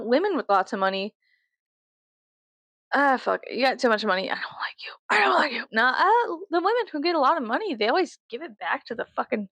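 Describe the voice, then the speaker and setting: A woman's voice: a little high, a bit bright, dry recording. A woman, rambling casually to the camera in a profane, self-mocking way, laughing often. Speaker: vlogger.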